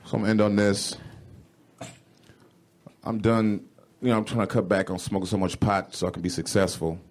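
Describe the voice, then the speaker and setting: A man doing a stand-up comedy set on a club stage, animated and profane, often jumping into high, exclaimed voices. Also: fairly quick, a little hiss or hum. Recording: live club recording with crowd. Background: audience laughing.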